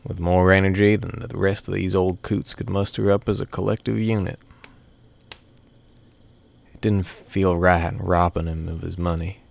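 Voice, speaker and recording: A man narrating a first-person story in a folksy, unhurried way. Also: deep voice, steady tone, vocal fry.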